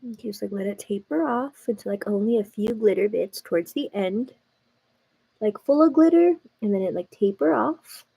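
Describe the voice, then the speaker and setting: Her voice is medium-pitched and expressive, warm with a breathy edge and some vocal fry, at a moderate pace. She's a beauty livestreamer giving a casual makeup tutorial, confiding in viewers and addressing them as "girl."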